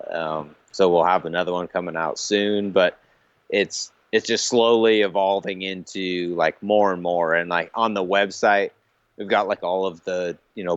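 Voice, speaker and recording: A man's voice: deep voice, no room sound, muffled recording. A man guesting on a show, chatting casually and giving earnest advice. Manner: jokey, slips into mock accents, then earnest advice. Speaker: guest angler. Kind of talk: casual interview chat.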